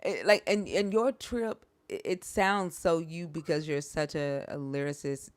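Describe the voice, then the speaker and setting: A co-host with a voice of middling pitch reacts in casual chat. They laugh easily and answer with warm encouragement. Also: measured pace.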